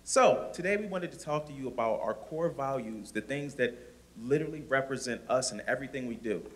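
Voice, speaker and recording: A man's voice: mid-range voice, animated, fairly quick. A man, an outreach manager, presenting his organization's core values to school students and going through them one by one. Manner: explaining clearly, listing items.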